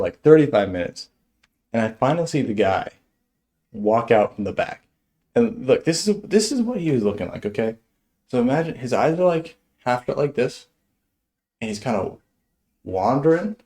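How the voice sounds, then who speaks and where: A young man telling a stand-up story in an animated way, chuckling as he goes. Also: medium pitch. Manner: animated, chuckles through his own story. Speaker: stand-up comedian.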